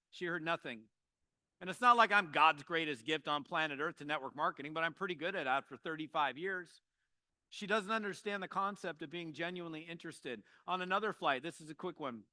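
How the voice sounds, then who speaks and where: A man in his fifties who trains network marketers, giving a motivational talk to an audience with joking, animated storytelling. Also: on the high side, clean tone, no room sound.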